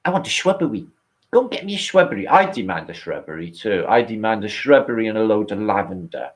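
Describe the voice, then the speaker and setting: A man putting on a shrill, demanding male knight from a comedy film, bossing someone about. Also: big pitch swings, fast talker.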